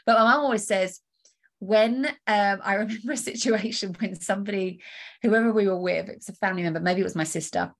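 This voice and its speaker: A woman's voice: mid-range voice, fairly quick. Emphatic woman coaching podcast host. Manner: energetic, emphatic, direct address with rhetorical questions. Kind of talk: solo motivational podcast.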